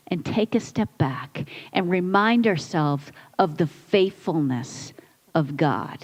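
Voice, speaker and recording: A woman's voice: on the low side, darkish tone, rough recording. A woman pastor preaching a conversational sermon in a church, building points through repetition and quoted asides. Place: church sanctuary.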